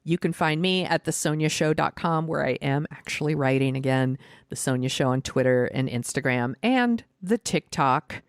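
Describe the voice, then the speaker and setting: A woman's voice: low voice, lively intonation, normal speed, no echo, clean studio sound. A woman co-hosting a podcast, wrapping up with upbeat show plugs in a casual chat. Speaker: podcast co-host.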